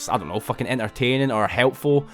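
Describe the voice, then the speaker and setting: A man's voice: medium pitch, animated, fast, a bit bright, soft background music. A young man tells a story casually to camera. He rambles, swears constantly, and tags his sentences with "right?". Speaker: vlogger.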